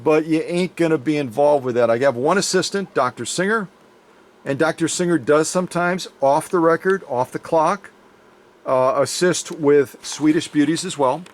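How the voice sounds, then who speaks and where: A man's voice: on the high side, normal speed. A man hosting a sewing machine restoration channel, chatting casually in his workshop with playful, rambling, jokey asides. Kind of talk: casual unboxing chat to camera. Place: home workshop.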